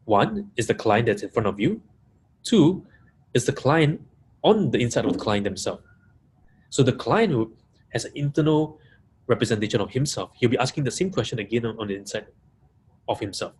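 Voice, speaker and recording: A man's voice: mid-range voice, animated, moderate pace, pauses often, a little mellow, husky. A man giving a webinar talk to coaches, repeating key points and stressing single words. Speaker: coaching trainer. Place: live audience room.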